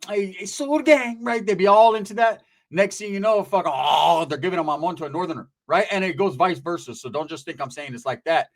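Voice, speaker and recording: A man with a notably high voice spins a comic street story. He talks loose and profane, packed with slang, and jumps between his own voice and the people in the story. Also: a bit bright.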